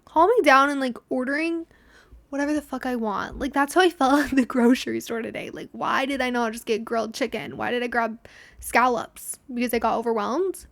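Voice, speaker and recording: Chatty young woman with a gravelly edge. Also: a little high, fairly even intonation, a little fast, a bit bright. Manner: chatty, self-deprecating, acts out quotes. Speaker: podcast host. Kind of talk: casual solo storytelling.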